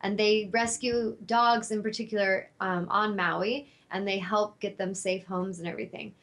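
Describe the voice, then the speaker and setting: A woman's voice: medium pitch, fairly even intonation, normal speed, a bit bright. Host, woman: heartfelt spiritual storyteller, mid-range voice, loose and rambling. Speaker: talk show host. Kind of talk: personal storytelling monologue.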